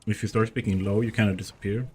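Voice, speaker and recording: Testing his desk mic and moving it around while he talks, a game streamer chats loosely and rambles to his audience from a room at home, with soft music faintly underneath. His fairly low voice is quick and fairly even in intonation, with a breathy edge.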